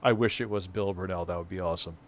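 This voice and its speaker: A man's voice: deep voice, fairly even intonation, quick pace. Joking, profane man streamer. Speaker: streamer host reacting to a clip. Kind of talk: casual live-stream commentary.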